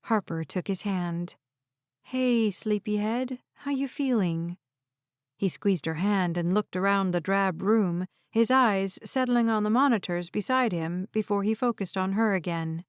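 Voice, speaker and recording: A woman narrating an audiobook in an even, unhurried reading style. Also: mid-range voice, clean tone, dry recording, studio quality. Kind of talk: scripted narration.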